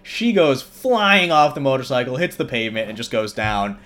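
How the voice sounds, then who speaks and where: A man's voice: mid-range voice, big pitch swings, moderate pace, a bit bright. A man hosting, retelling a film in a casual, rambling way with many fillers. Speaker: host. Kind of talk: casual movie recap.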